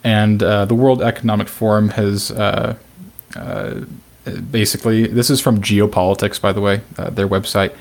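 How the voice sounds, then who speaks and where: A man co-hosting a podcast, talking in a relaxed, chatty way. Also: lowish voice, normal speed, vocal fry. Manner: relaxed, chatty, laughs along. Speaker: podcast co-host. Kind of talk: casual podcast discussion.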